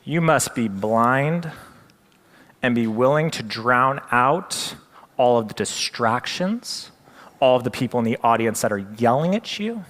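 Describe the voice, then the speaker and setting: Animated male storyteller on stage. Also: medium pitch, long reverb tail. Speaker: presenter. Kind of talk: storytelling in a presentation.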